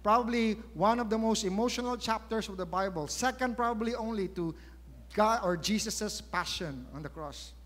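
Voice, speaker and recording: A high-pitched Filipino man delivers a sermon in a big church hall, and long reverb trails each phrase. He tells the story emphatically, stopping to put rhetorical questions to his listeners. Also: moderate pace, fairly bright tone. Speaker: preacher.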